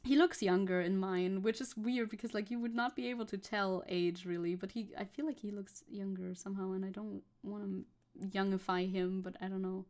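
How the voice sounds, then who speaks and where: A woman's voice: medium pitch, fairly even intonation, a little fast, darkish tone. A young woman streamer chatting casually and rambling while she paints, swearing now and then. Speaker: VTuber streamer.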